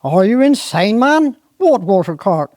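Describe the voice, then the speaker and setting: A performer doing a blustering, outraged posh squire. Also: male voice, high-pitched, very animated, measured pace, darkish tone, no room sound, studio quality. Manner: blustering, increasingly outraged questions. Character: posh, hot-tempered upper-class country squire.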